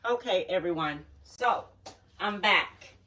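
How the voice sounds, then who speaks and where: A mid-range voice, slow but pushed and bright with lively intonation, guides viewers through a recipe. It's a home cook in a home kitchen giving a chatty, folksy cooking demonstration, checking in with "okay?" again and again. The recording catches the voice at a distance from the mic.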